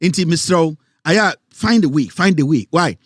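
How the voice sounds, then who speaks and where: A man's voice: fairly high pitch, lively intonation, normal speed, no room sound, studio quality. Ghanaian man hosting radio talk. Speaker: radio show host. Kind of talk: casual radio talk mixing Twi and English.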